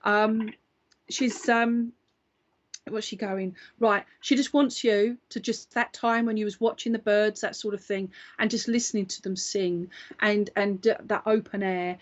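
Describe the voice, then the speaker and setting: A woman's voice: medium pitch, level tone, a little slow, lo-fi sound. A woman working as a psychic medium, giving a live reading in a chatty, reassuring way and often checking in with her listener.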